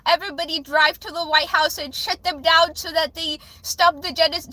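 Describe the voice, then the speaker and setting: Bright, high-voiced woman livestreamer. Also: no echo. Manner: rambling, restarts often, says "flip" instead of swearing. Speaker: livestream host doing readings for viewers. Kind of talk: emotional casual livestream talk.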